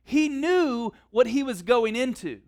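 A man preaching a casual sermon, reading scripture aloud and slipping into quiet conversational asides. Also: extremely high pitch, lively intonation, a little slow. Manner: conversational, drops to quiet asides, many "like" fillers.

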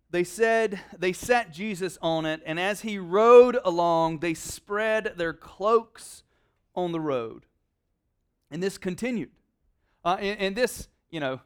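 A man preaching a casual sermon, reading scripture aloud and slipping into quiet conversational asides. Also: high voice, smooth. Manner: conversational, drops to quiet asides, many "like" fillers.

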